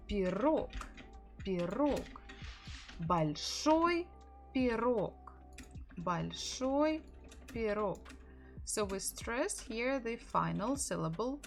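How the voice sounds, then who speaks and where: A woman's voice: mid-range voice, creaky, a bit bright. A woman with a Russian accent teaching an online language lesson, patiently repeating each word several times.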